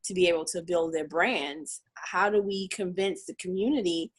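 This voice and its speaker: A woman's voice: fairly low pitch, steady tone, moderate pace, breathy edge. A woman co-hosting a podcast who asks the guest probing questions. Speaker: podcast co-host. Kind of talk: casual discussion.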